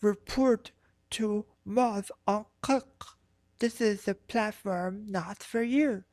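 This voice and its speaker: A woman putting on the voice of a prissy young online troll who quotes the rules, speaking slowly and haughtily. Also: mid-range voice, darkish tone, dry recording, voice pushed up, natural voice. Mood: haughty. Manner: slow, haughty, nitpicking.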